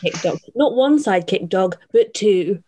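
A woman with a mid-range voice talks through a story in a relaxed podcast chat. She sounds wry and playful, and she likes cheeky word choices. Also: medium pitch, moderate pace. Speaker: podcast co-host. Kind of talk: casual chat.

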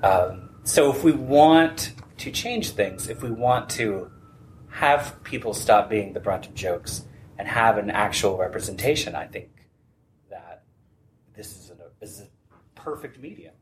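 A man's voice: fairly low pitch, expressive, unhurried, slight background noise. A man moderating a convention panel, talking earnestly and with animation, laughing easily.

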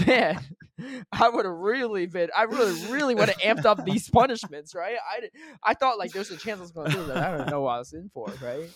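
A man's voice: high voice, brisk, a crowd in the background. A young man co-hosting a casual podcast, teasing his co-host, laughing often and tagging his points with "right?". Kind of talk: casual chat.

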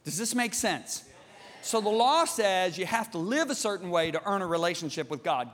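A middle-aged man preaching a sermon, emphatic and theatrical, jumping from shouts to hushed asides. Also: sits high, animated, moderate pace, big-room sound.

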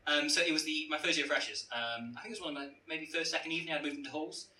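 Young man, bright voice, comic storyteller who stumbles over his words on purpose, recorded at a distance in an echoey room. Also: on the high side, fairly even intonation, very fast. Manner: rambling, self-mocking, stumbling over words for comic effect. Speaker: podcast co-host. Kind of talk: comedic storytelling among friends.

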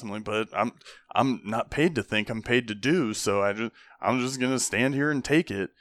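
A young man, formerly in the army, tells casual stories in a medium-pitched voice at moderate pace, recorded dry. He animatedly acts out those he quotes and curses frequently.

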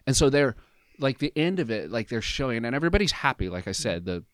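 A man in his fifties telling a personal story as a podcast guest, animated and emotional, acting out what people said. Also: mid-range voice, fast talker, no room sound, clean studio sound. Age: 50s. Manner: animated, emotional storyteller who acts out quoted dialogue.

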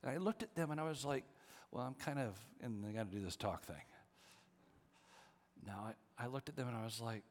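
Pastor preaching in a reverberant hall. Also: male voice, medium pitch, a little fast, long pauses. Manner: shifts from hushed prayerful whispers to animated storytelling. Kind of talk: sermon.

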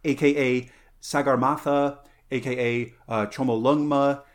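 A man's voice: medium pitch, steady tone, measured pace. A man hosting a casual podcast chat, playful and rambling, with lots of fillers, self-corrections and side tangents. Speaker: podcast host.

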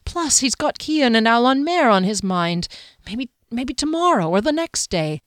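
A woman's voice: fairly high pitch, big pitch swings, measured pace, no room sound, studio quality, voice pushed up. A woman voicing a young female fighter who talks directly and coaxingly to a friend.

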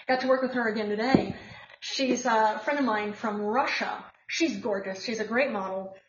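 A rambling American woman hosts a casual news chat, her voice a touch high. She pauses often on filler words. The sound is roomy and slightly muffled. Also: slight background noise. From United States. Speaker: podcast host.

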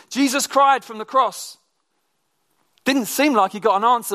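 A male preacher delivering a sermon, moving between animated emphasis and quiet, almost whispered intensity. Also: extremely high pitch, normal speed. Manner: shifts from animated to hushed, near-whispered intensity.

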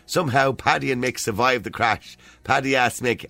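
Gravelly man telling jokes on radio. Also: mid-range voice, steady tone, moderate pace, bright, forceful tone, no room sound. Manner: jokey, does put-on accents in jokes. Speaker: radio host. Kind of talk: casual chat, telling jokes.

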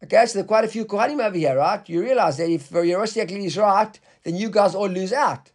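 High-pitched man teaching a Talmud class. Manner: explains, quizzes the class with quick questions; reads the Aramaic text slowly, then paraphrases in English. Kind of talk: Talmud class, casual explanation.

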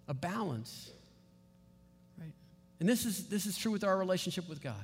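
A man preaching a sermon as pastor, emphatic and building to loud stresses on key words. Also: high voice. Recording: long hall reverb.

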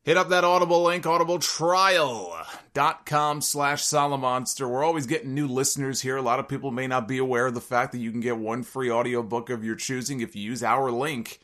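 Joking male wrestling podcast host. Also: fairly bright tone. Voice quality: sometimes gravelly low notes. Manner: jokey wrestling-fan banter, rattles off listener names. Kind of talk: casual podcast monologue with sponsor reads.

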